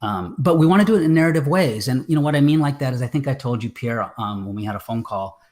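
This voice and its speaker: A man's voice: medium pitch, expressive, quick pace, darkish tone. A man, a filmmaker guest, chatting casually on a video call, rambling with many fillers and restarts. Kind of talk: casual interview chat.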